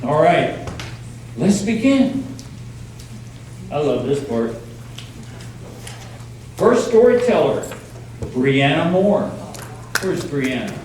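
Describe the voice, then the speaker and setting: A man hosts a live storytelling night and explains the rules in a loose, rambling way. His voice sits fairly high. He is heard from a distance in a big echoing hall, with audience noise and a steady hiss behind him. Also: extremely slow, long pauses. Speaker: event host. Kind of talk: announcing at a live storytelling event. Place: indoor event hall with audience. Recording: echoey hall, mic far off, crowd noise.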